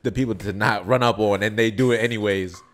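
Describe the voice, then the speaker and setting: A young man with a mid-range voice co-hosts a loose, informal podcast chat. He speaks in a relaxed, unhurried way, trails off and repeats a word or two while he thinks. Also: on the low side, slight background noise. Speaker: podcast co-host. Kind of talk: casual chat.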